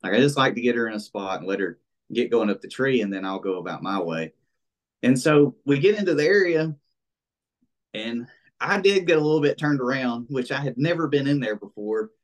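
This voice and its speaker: Speaking a little fast with a medium pitch, a man shares a hunting tale as a guest in a laid-back interview. The bow hunter meanders, leans on fillers, and animatedly voices the people he quotes.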